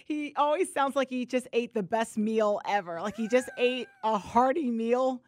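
A woman co-hosting a morning sports radio show, chatty and casual, quick to laugh. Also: fairly high pitch, a little mellow. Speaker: sports radio co-host and reporter.

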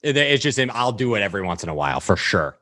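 A man in casual conversation, recounting a round in clipped, rapid-fire fragments. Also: lowish voice, sing-song, bright, forceful tone, no echo, clean studio sound. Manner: rattles off shot-by-shot recaps in clipped fragments. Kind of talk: casual chat about golf.

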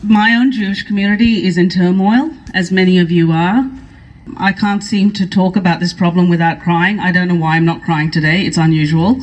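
A woman's voice: fairly low pitch, fairly even intonation, normal speed, highs cut off. A woman giving an earnest, rousing speech at an outdoor rally, repeating phrases for emphasis. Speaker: politician speaking at a rally.

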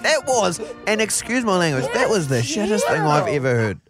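Teasing New radio host over loud music. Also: male voice, high voice, very animated. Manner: teasing, quick to laugh. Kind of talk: breakfast radio banter. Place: radio studio.

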